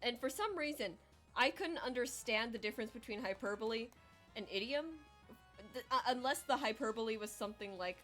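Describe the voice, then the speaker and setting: A woman's voice: fairly high pitch, brisk, fairly bright tone. Young woman, livestreamer, casual chat while drawing, rambling, self-deprecating, lots of filler words, faint music behind. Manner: acts out quoted voices in exaggerated tones.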